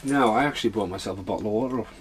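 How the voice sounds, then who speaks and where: A man's voice: lowish voice, rapid-fire, slight background noise. A man casually chatting and swearing his way through a film commentary for his podcast. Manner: swears a lot, chatty and offhand.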